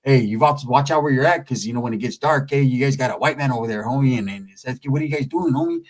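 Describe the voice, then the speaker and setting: A man's voice: quick pace, lightly acted. A man voicing laid-back teenage gang members who drawl and keep saying homie. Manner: low, mellow, drawling "homie".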